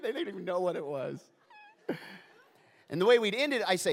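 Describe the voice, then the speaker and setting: Middle-aged man preaching with comic stories, animated and playful, slightly high voice, long hall echo. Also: fast talker. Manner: animated, playful, full of asides. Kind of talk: humorous storytelling sermon.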